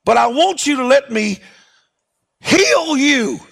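A middle-aged man, a preacher telling a testimony in a sermon with animated, emphatic delivery. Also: very high voice, slow, gravelly. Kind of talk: sermon storytelling.

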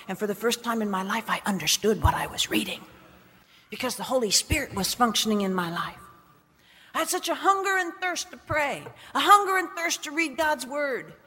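A high, bright-voiced woman gives a personal testimony sermon. She tells her story with strong emotion, dropping to a hush and then rising to an exclamation. Her voice rings out with a long hall reverb. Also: husky. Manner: emotional storytelling, big swings between hushed and exclaimed lines. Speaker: speaker giving a testimony.

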